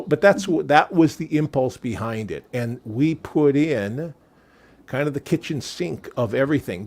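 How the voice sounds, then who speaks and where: A man's voice: medium pitch, darkish tone. An American man in his sixties, a guest in an interview, talking casually and often restarting and searching for words. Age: 60s. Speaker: guest, wellness product maker.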